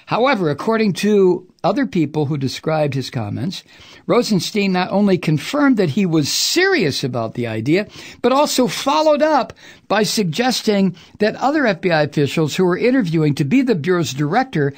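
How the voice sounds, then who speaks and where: A man's voice: on the high side, big pitch swings, normal speed. A man hosting a political talk show, delivering an angry, profane and sarcastic monologue, drawing out words for emphasis. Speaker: political talk radio host.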